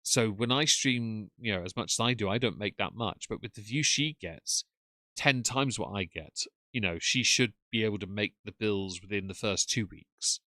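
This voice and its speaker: A man's voice: lowish voice, moderate pace, sharp tone, no echo, studio quality. A man hosting a casual live stream, chatting and thanking viewers for their messages. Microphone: desk mic with headphones.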